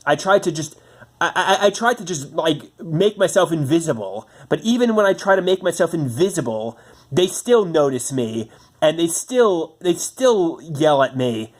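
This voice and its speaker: A vlogger with a somewhat high, lively voice vents about his home life in a personal monologue. Frustrated and halting, he stammers through restarts and swears often.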